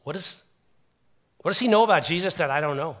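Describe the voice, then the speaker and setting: A middle-aged man preaching a sermon, earnest and animated, with frequent restarts as he retells stories. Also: fairly high pitch, a little fast.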